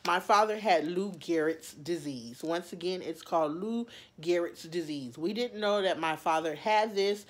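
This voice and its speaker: A woman vlogger talking personally to her viewers in an earnest, heartfelt way, halting often with fillers and restarts. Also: on the low side. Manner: heartfelt, speaks straight to viewers. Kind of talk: personal talk to camera.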